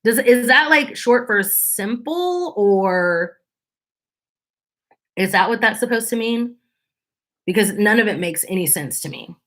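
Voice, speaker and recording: A woman's voice: mid-range voice, lively intonation, measured pace, pauses often, fairly bright tone. A woman hosting her channel, talking casually to viewers in an exasperated, sarcastic, opinionated way. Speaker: channel host.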